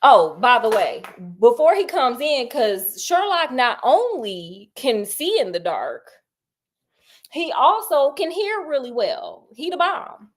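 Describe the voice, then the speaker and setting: High-pitched woman telling a story, super casual and slangy, keeps asking the audience stuff. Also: slow pace. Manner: animated, slangy, asks listeners questions.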